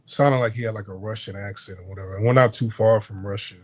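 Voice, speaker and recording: A man's voice: on the low side, quick pace. Rambling man telling a story. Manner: rambling with many restarts and stammers; animated retelling with acted-out quotes. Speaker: podcast host. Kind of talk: casual storytelling monologue. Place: hotel abroad.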